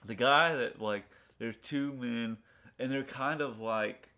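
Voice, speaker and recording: A man with a mid-range, bright, forceful voice speaks slowly as a podcast co-host reviewing a TV pilot. In casual chat, he rambles through a recap full of fillers and acts out lines from the show.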